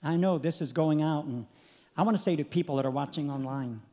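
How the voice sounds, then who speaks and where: A male preacher giving an impassioned sermon, rising to loud peaks and dropping back to a low, earnest tone. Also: fairly quick. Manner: impassioned, builds to shouting peaks then drops quiet. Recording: long hall reverb.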